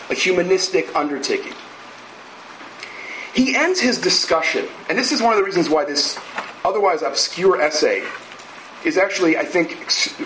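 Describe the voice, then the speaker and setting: A male lecturer talks in a measured, explanatory way, pausing for asides and checking in with his listeners. His voice sits a little high for a man. It is recorded in an echoey room with a faint hiss behind him. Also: fairly bright tone. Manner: measured, explanatory, thinks aloud with asides and tag questions. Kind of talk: academic lecture.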